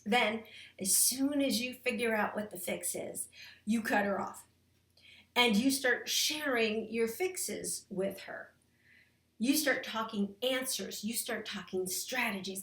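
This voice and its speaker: A woman relationship coach speaking straight to her male viewers, lively and expressive, acting out the husband's thoughts. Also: fairly high pitch, slow, echoey room. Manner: animated, acts out the husband's inner voice with laughs. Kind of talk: direct-to-camera coaching talk.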